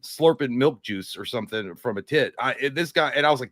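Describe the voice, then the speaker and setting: A man's voice: medium pitch, animated, a little fast, hardly any pauses, fairly bright tone, no echo. A man co-hosting a casual live recap chat, crude and joking, who slips into mocking voices. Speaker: podcast co-host.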